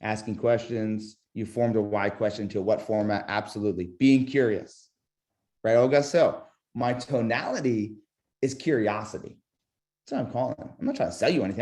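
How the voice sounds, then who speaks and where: Here a man with a fairly low pitch speaks fairly quickly, teaching a sales-call webinar that includes demo calls. He keeps things lively, modeling vocal tonality and firing questions at his audience.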